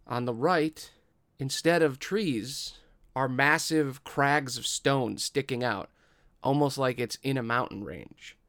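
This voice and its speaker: Game master, male: gravelly, smooth voice, dry close sound, slow dramatic narration. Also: medium pitch, fairly bright tone, no echo.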